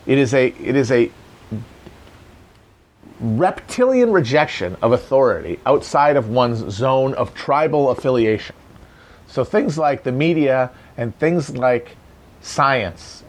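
A man hosting a casual, rambling political commentary, sardonic and profane. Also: medium pitch. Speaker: commentator host.

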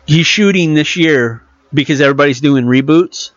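Heard in lo-fi sound with no room sound, this man's voice sits on the high side and moves at normal speed. He co-hosts a podcast in a rambling, casual way, correcting himself and acting out quotes.

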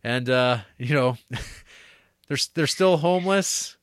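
Speaking slowly in a mid-range voice, a man co-hosting a podcast chats through a film's plot with casual curses and lively energy, dropping into the voices of characters he quotes. The recording is dry and studio quality.

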